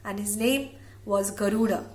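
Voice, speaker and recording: A woman's voice: mid-range voice, moderate pace, a little mellow. A woman storyteller recounting a myth in a dramatic way, repeating phrases for effect. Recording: echoey room.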